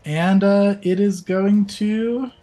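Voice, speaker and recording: A man's voice: high-pitched, steady tone, slow, mellow. A man running a tabletop game as game master, easygoing and laughing at his own slips, with music in the background.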